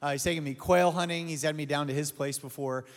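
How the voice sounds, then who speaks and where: Earnest pastor introducing a guest. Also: male voice, fairly high pitch, steady tone, quick pace, big-room sound. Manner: earnest, grateful tribute. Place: church sanctuary.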